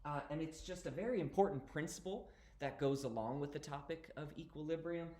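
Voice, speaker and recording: A man's voice: a little high, brisk, mellow, roomy sound. Man teaching a chatty recorded lecture. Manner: casual, chatty explanations with frequent "okay?" check-ins.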